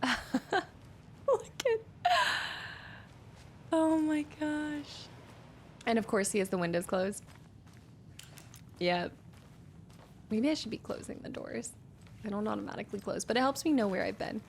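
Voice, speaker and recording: A woman's voice: medium pitch, moderate pace, vocal fry, long pauses, slight background noise. A young woman streaming a game, musing aloud as she explores and reading notes under her breath. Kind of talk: let's-play commentary.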